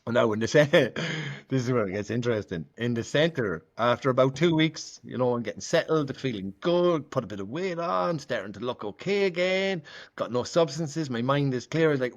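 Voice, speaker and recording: A man's voice: medium pitch, animated, brisk. Candid man telling his story. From Ireland. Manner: candid, frequent "like" fillers, acts out quoted dialogue. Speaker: guest sharing recovery story. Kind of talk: conversational storytelling.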